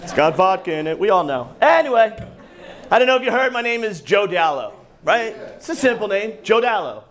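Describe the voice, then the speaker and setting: A man doing a stand-up comedy set on a club stage, hyping the crowd in an energetic, animated way. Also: sits high, brisk. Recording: live club recording with crowd laughter.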